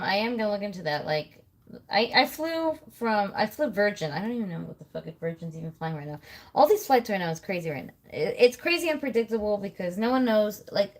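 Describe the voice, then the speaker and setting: Woman, 30s, home livestream host; loose, profane, talks while multitasking at her desk. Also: medium pitch. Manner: chatty, swears freely, thinks aloud. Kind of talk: casual rambling chat.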